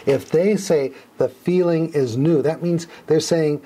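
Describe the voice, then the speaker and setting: A man's voice: on the high side, unhurried, mellow, husky. A man teaching age regression hypnotherapy, explaining step by step and acting out client replies. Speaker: hypnotherapy instructor. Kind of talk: teaching a class.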